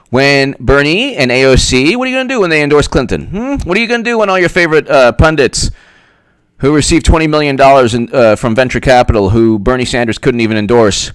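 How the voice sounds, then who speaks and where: A man delivers a political commentary monologue, his pitch swinging widely as he goes. He talks in a sarcastic, rambling way. The recording is dry and close. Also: animated, brisk, clear, resonant tone, dry recording. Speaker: political commentator, channel host.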